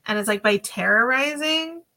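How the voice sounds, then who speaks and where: A woman's voice: on the high side, lively intonation, moderate pace, sharp tone, rough recording. A woman podcast co-host talking casually and reflectively, with many fillers. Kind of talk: casual discussion.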